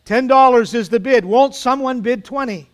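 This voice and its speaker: A preacher doing a persistent auctioneer. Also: male voice, very high-pitched, normal speed, pitched above the performer's own voice. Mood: insistent. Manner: insistent, calling out bids. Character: persistent male auctioneer calling bids.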